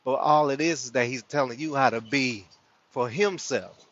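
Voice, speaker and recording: A man's voice: medium pitch, normal speed, fairly bright tone. Laid-back man with a lilt. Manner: loose, conversational, laughs often. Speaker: host of a spiritual community livestream. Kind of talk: casual spiritual talk to viewers. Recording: dull lo-fi sound.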